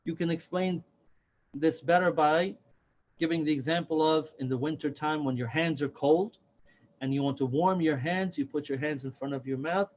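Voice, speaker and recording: A man teaching a slow, careful alphabet lesson, patiently repeating each letter's name and sound. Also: on the high side, steady tone, darkish tone, slight background noise. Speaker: Quran reading teacher. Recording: dull, lo-fi sound.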